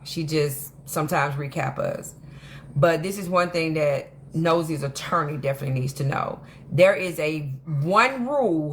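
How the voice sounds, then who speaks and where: Woman, lower voice, casual commentary monologue, animated and emphatic, rambling with restarts, faint background noise. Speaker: host of a drama commentary channel.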